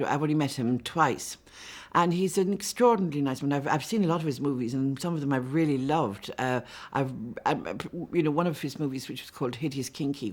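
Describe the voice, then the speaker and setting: Brief: woman, sixties, novelist being interviewed, warm and chatty, stumbles and repeats words naturally. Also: very deep voice. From Ireland.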